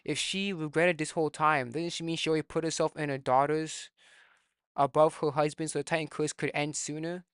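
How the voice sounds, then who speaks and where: A man's voice: fairly high pitch, flat delivery, a little fast, fairly bright tone, clean tone, dry recording, studio quality. A man in casual, opinionated chat, arguing his points heatedly and reading them off his notes one by one. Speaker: video talk participant.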